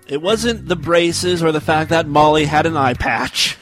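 Comic male reader, slightly higher voice, dry sarcastic asides, faint music behind. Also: unhurried, a bit bright. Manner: sarcastic asides, laughing at the text. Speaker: comedic reader of fan stories. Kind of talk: comedic reading with commentary.

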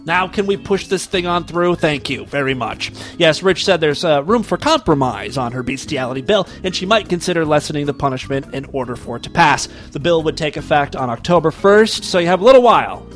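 A man's voice: on the high side, lively intonation, a little fast, hardly any pauses, faint music behind. A man hosting a comedy news podcast, reading stories aloud and mocking them with crude jokes, laughing at his own lines.

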